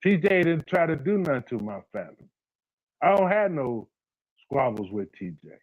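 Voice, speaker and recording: A man's voice: medium pitch, big pitch swings, moderate pace, highs cut off. A man hosting a casual livestream, talking bluntly, repeating his points and addressing viewers by name. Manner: blunt, repeats himself, talks to chat by name. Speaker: livestream host.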